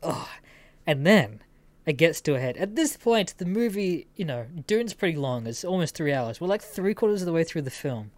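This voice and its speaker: A woman with a low voice hosts a casual podcast, telling stories loosely. She swears freely and laughs often as she talks. The recording is dry and close, with no room sound. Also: very animated, normal speed, darkish tone, no echo. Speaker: podcast host.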